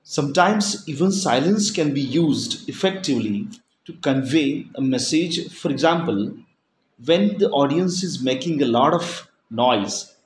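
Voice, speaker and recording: A man giving a recorded lesson, speaking in slow, deliberate phrases with pauses between them. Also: a little high, a little hiss or hum. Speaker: teacher. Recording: echoey room with faint ambience.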